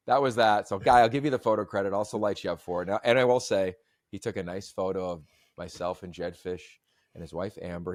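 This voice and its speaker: A man hosting a podcast, telling stories in a long-winded, animated way. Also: low-pitched, dry recording, studio quality. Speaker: podcast host. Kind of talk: casual chat.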